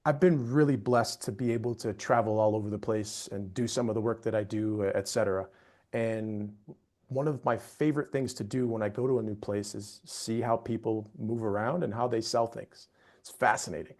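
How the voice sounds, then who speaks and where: A man, a storytelling expert, telling an anecdote as a podcast guest in a lively, conversational way. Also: lowish voice, normal speed. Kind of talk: animated storytelling in a podcast interview.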